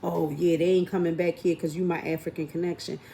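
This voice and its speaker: A woman's voice: lowish voice, level tone, brisk, creaky, dark tone, a little hiss or hum. A woman quoting a bossy, arrogant rich older man while retelling a movie scene.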